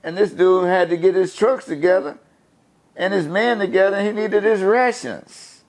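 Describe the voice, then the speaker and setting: An older man from the USA telling stories in a casual interview, animated and profane, laughing as he talks. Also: high-pitched, moderate pace. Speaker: guest storyteller.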